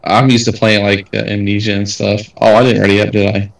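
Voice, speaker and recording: A man's voice: lowish voice, level tone, a little fast, vocal fry, no echo, rough recording. A man chatting earnestly with friends while playing a ghost-hunting game. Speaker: player. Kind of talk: casual gaming chat.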